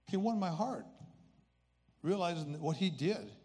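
A man's voice: sits high, expressive, a little slow, a little mellow, husky. A man in his eighties telling a personal story as a faith testimony in an earnest, conversational way. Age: 80s. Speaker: speaker sharing a personal testimony.

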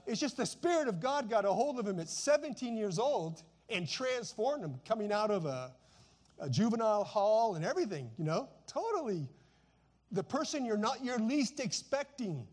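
Middle-aged man, high voice, pastor giving an informal seated sermon, chatty asides, repeats lines for emphasis. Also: big pitch swings, moderate pace. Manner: informal, repeats phrases for emphasis, frequent "you know" asides; preaching while seated. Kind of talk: conversational sermon.

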